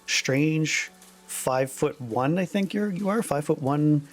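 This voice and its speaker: A man narrating as dungeon master, relaxed and halting, with many fillers, over a voice call. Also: fairly high pitch, soft background music. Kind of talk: narrating a tabletop game.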